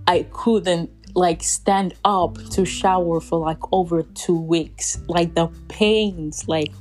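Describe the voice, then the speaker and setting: A young woman vlogger with a lowish, somewhat dark voice tells a personal story casually. She rambles, leans heavily on "like," and slips little laughs between phrases.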